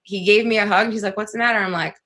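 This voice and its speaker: Bright-voiced young woman telling a story. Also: mid-range voice, quick pace. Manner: animated, heavy use of "like", swears freely. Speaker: podcast guest. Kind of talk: casual storytelling interview.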